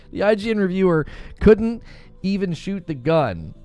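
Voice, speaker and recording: A middle-aged man hosting a casual gaming livestream, talking through news and reading out viewer comments with frequent chuckles. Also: high voice. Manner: animated, conversational, chuckles often.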